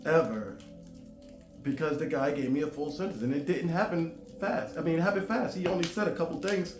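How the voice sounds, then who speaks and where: In an echoey room with faint music behind him, an animated man in his forties vlogs a casual story, stretching words for emphasis and breaking into sudden loud, high outbursts.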